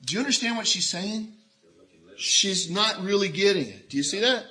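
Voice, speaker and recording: A man preaching a sermon in an animated way, acting out the voices of people in the story he tells. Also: sits high, normal speed. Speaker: pastor.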